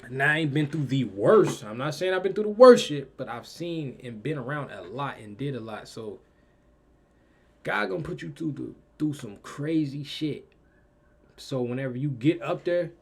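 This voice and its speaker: Gravelly young man giving reaction commentary. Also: mid-range voice. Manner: slangy, emphatic, preachy asides. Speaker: reaction video host.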